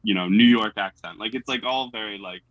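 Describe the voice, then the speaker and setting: A man's voice: on the low side, brisk, a bit bright, no echo, muffled recording. A young man from the United States, chatting casually as an interviewee, self-deprecating and full of fillers.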